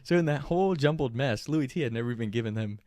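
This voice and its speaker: A young man casually telling a funny, profane story, animated and laughing often. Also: medium pitch, quick pace, no echo, clean studio sound.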